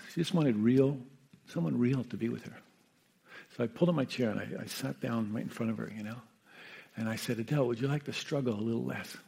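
A man, a meditation teacher who sat with the dying, gives an unhurried, reflective talk, often checking in with his listeners. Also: lowish voice, creaky, breathy edge. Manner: gentle, unhurried, often asks "Yeah?" and "you know". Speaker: meditation teacher and hospice caregiver.

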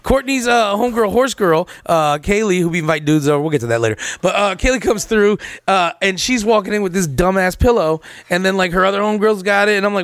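A man's voice: high voice, animated, a little fast, fairly bright tone, dry recording. A man co-hosting a podcast in casual chat before a live audience, rambling and acting out quotes in shifting voices. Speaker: podcast co-host.

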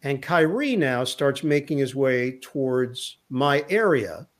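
A middle-aged man and sports broadcaster, a guest telling a lively anecdote in an interview, acting out the lines of the people in his story. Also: mid-range voice, slow pace. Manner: lively anecdote teller who acts out quotes.

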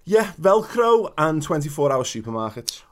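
A man in his thirties holds forth in a casual podcast chat. He rants and swears freely, his voice jumping up in pitch whenever he gets worked up. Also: big pitch swings, normal speed, fairly bright tone. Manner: sweary ranting, swings pitch up when worked up. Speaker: podcast co-host.

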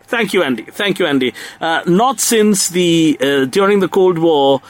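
A man's voice: on the high side, expressive, a little slow. A man co-hosting a satirical comedy podcast, talking in an ironic, mock-earnest way and laughing at his own jokes. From India.

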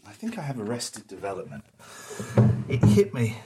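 A man's voice: mid-range voice, very animated, brisk, very noisy. Candid man in his forties, rambling. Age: 40s. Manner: rambling, candid, talks to his dog between thoughts. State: out of breath from stairs. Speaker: vlogger. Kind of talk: casual chat while packing. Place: home, indoors.

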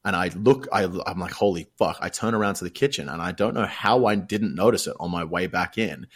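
A man's voice: low-pitched, a little fast, fairly bright tone. A young Australian man telling a long story in a casual chat, rambling and swearing freely.

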